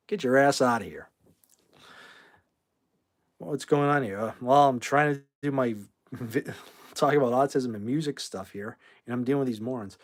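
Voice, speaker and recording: A man's voice: mid-range voice, a little mellow. A man hosting a casual livestream from his phone, rambling about music and flaring up angrily at commenters in chat, swearing as he kicks them out. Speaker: livestream host.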